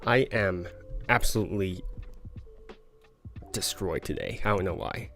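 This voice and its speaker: A man's voice: deep voice, measured pace, gravelly, a bit bright. A man teaching a card sleight on a livestream, stumbling and laughing at his own mistakes. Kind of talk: livestream tutorial. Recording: faint background music.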